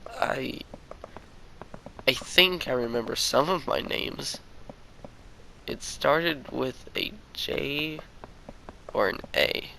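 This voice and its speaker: A man reading as a hushed, haunted ink-made man. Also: mid-range voice, very slow, creaky, pauses often, slight background noise, full character voice, low-quality recording. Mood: earnest. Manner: quiet, hushed, fearful at times. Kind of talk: reading a fan story aloud.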